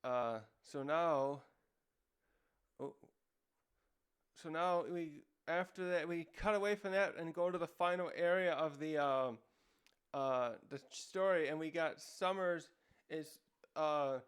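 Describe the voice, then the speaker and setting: A man's voice: on the high side, smooth. A man casually recapping a manga chapter as a review host, rambling and searching for words, with lots of fillers. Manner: acts out character lines in quick raised voices.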